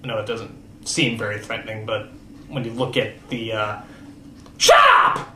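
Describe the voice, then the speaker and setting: A man's voice: lowish voice, little pitch movement, moderate pace, fairly bright tone, echoey room, slight background noise. A man giving sarcastic comedic review narration, with exaggerated outbursts.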